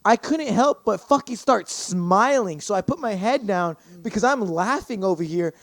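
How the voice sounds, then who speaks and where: A man's voice: high-pitched, moderate pace, dry recording. Young man telling a profane story. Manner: profane, rambling and animated, many fillers. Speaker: podcast guest. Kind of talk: casual storytelling.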